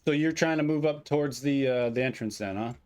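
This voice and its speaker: A man running a tabletop war game as game master, giving rulings at an unhurried, measured pace over an online call. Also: medium pitch, darkish tone, smooth.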